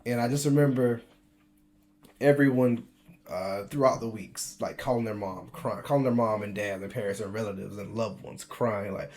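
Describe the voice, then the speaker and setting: A man's voice: mid-range voice, normal speed, a little mellow. An American man in his twenties telling his own story in a casual vlog, chatty, laughing often and restarting his sentences. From United States. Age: 20s. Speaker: vlogger.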